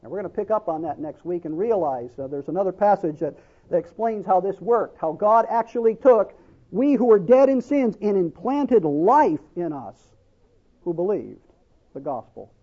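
A man's voice: sits high, sing-song, moderate pace, breathy edge, dull audio. A male pastor preaching a sermon, asking the congregation questions and drawing out scripture quotes for emphasis.

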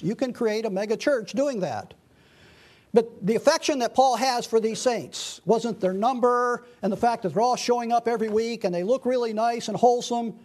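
A pastor preaching an expository sermon, earnestly reading scripture aloud with frequent restarts. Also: male voice, very high-pitched, a little mellow.

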